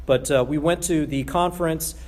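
A man preaching a sermon as a pastor, emphatic and repeating key phrases, slowing down on scripture quotes. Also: on the high side, darkish tone.

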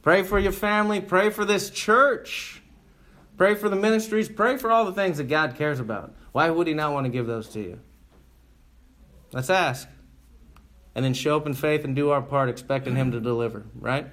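A man preaching in a relaxed, conversational way, his voice sitting a little higher than most men's. He leans on rhetorical questions and folksy emphasis, talking to the room like friends rather than reading a text. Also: normal speed. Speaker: pastor. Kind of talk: conversational sermon.

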